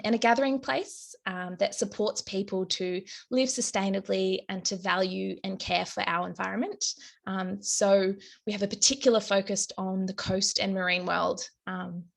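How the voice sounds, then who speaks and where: A woman hosting an online event, introducing speakers in a relaxed way with many fillers. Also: mid-range voice, vocal fry. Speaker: event host. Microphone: video call.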